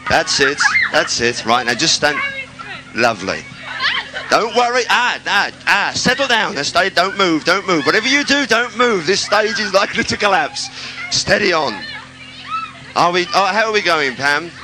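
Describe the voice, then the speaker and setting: A man's voice: high-pitched, very animated, moderate pace, rough recording. A man compering a live outdoor stage show on local radio, joking and teasing the crowd and calling out to them. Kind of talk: live outside broadcast compering. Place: outdoor stage in a town centre. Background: music playing.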